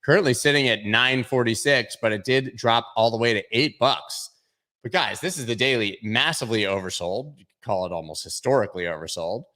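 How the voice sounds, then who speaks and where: Bright-voiced man hosting a crypto stream. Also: medium pitch, fairly quick. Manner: chatty, jokey asides to chat. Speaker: crypto livestream host. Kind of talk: casual livestream market commentary.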